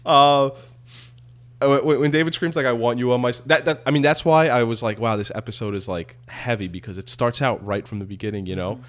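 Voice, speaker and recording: A man's voice: medium pitch, fairly even intonation, brisk. A man co-hosting a casual podcast chat, rambling and questioning with many restarts. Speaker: podcast co-host.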